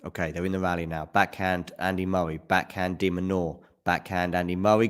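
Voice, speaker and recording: Brisk and fairly low-voiced, a man gives loose, casual live-stream commentary on a tennis match, at times on a handheld mic. He responds to chat between points and jumps to loud excitement on the big shots.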